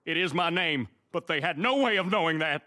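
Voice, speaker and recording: An indignant, aggrieved speechmaker. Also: male voice, a little high, lively intonation, a little fast, pushed and bright. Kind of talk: animated sitcom voice acting.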